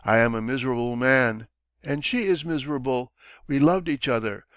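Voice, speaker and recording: A man's voice: medium pitch, moderate pace, fairly bright tone, smooth, no echo, lightly acted. A man reading an audiobook, voicing a timid young barber who stammers and pleads. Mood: grieving. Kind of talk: audiobook character voice.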